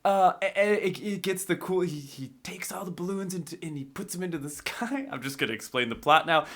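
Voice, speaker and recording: A man in his thirties co-hosting a casual movie podcast, excitable and gushing, swinging between loud enthusiasm and mumbled asides. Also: high-pitched, fairly quick. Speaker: podcast co-host.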